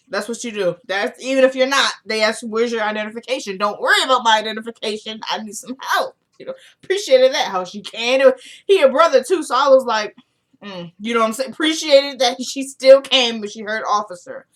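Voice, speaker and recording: A woman's voice: fairly high pitch, brisk, pushed and bright. Chatty young woman recapping a show. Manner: chatty, retells scenes by quoting characters. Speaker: TV episode recap vlogger. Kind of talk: casual recap chat.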